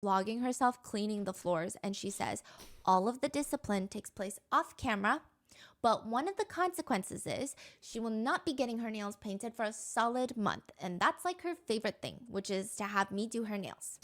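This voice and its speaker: A woman with a fairly high voice gives scripted podcast narration. She walks through what happens in each clip, with plain, earnest disapproval. She describes events, then adds her own critical remarks. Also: big pitch swings, moderate pace. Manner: earnest, judgmental commentary on clips. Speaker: true-crime podcast narrator.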